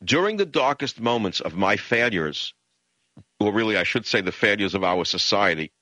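An older man from the Bronx delivers an impassioned talk-radio monologue. His low voice has a hard, forceful edge, and the sound is dry and close with no room around it. He leans into emphatic, ranting stretches and jumps up high to mock. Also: lively intonation, normal speed, no room sound. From the Bronx, New York. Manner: emphatic, ranting, swings into high mocking outbursts.

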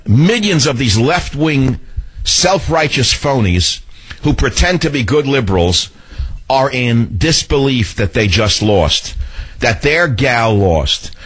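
A male talk radio host speaking into a studio microphone, indignant and combative, with mocking asides. His voice is slightly husky and leaps up and down in pitch as he talks. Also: fairly bright tone.

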